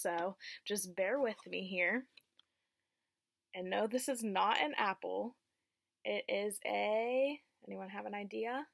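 A young woman teaching a preschool phonics lesson, slow and encouraging, asking children to repeat after her. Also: mid-range voice, creaky, fairly bright tone, no room sound, studio quality.

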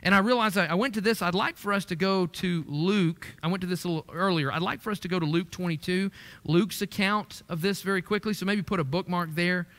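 A man's voice: sits high, brisk, fairly bright tone. A man preaching a sermon in a conversational way, lifting his voice to stress the verses he quotes. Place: church sanctuary. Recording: echoey church hall.

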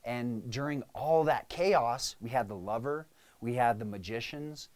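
This business coach has a mid-range, slightly mellow voice and speaks a little slowly. Addressing viewers on camera in a conversational way, he keeps checking in with "right?" and "okay?" as he coaches.

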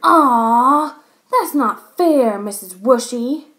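A cheeky schoolboy who teases and complains loudly, voiced by a woman reading aloud. His lines swing with lively pitch. It is a slow, children's storybook reading. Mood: complaining. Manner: mocking, loud.

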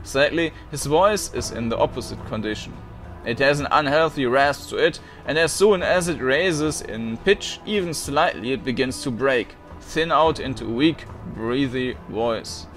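A man's voice: mid-range voice, a little slow, a bit bright, faint music behind. A man hosting a let's play, reading a role-playing game's dialogue and text aloud, tripping over words and restarting.

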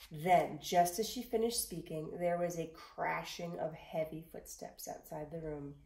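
In a reverberant space, a woman with a deep, slightly slow voice and some vocal fry reads a storybook expressively. At times she drops to a whisper and addresses the listener directly.

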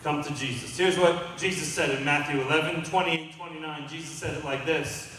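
A man's voice: fairly high pitch, fairly even intonation, a little fast, a bit bright, slight background noise. A man preaching a sermon as pastor, calling out to the congregation and building to emphatic peaks. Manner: call-and-response, rising to emphatic peaks. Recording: echoey hall from far off.

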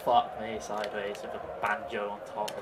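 A man's voice: lowish voice, completely flat delivery, normal speed, very noisy. A man trading laughing, swearing banter over a football video game while clothes pegs pinch his face. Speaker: gaming channel co-host. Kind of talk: casual gaming banter.

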